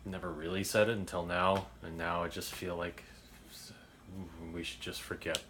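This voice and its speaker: A man in his thirties casually commenting on his old videos, rambling and self-conscious with halting restarts. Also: sits low, flat delivery, a bit bright.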